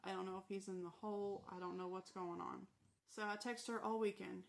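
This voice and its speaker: Flat-voiced woman telling her own story. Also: medium pitch, brisk, vocal fry. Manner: matter-of-fact retelling with quoted dialogue. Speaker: former corrections officer telling her story. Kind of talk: first-person storytelling.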